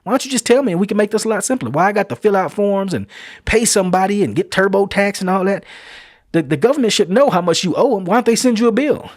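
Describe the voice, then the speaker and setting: A middle-aged male host holds forth in an opinion monologue, firing off rhetorical questions in casual, folksy speech. His voice sits a bit high for a man, and the recording is close and dry with no room sound. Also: lively intonation, fast, no echo. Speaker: show host.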